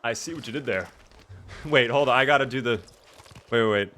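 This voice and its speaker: A man's voice: mid-range voice, normal speed, sharp tone. A man streaming a video game live, chatting upbeat with his viewers as he plays. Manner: upbeat, chatty, talks to himself and chat.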